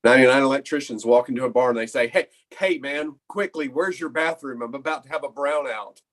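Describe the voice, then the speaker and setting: A man improv player telling pun jokes briskly, acting out short exchanges. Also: mid-range voice. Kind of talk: casual joke telling.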